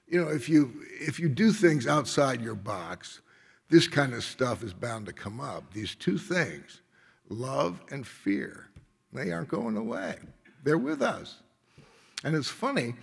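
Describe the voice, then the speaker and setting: An older man giving an award acceptance speech on stage, telling a story in a laid-back, rambling way with many casual filler phrases. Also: medium pitch. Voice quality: gravelly and husky. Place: large concert hall. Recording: long hall reverb.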